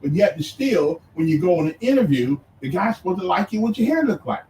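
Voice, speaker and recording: Male radio host, lively and pushy, stumbles and repeats himself, mic in a roomy space at some distance. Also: high-pitched, a little hiss or hum. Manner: animated, halting and repetitive, challenging. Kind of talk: radio debate. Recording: roomy distant sound with faint ambience.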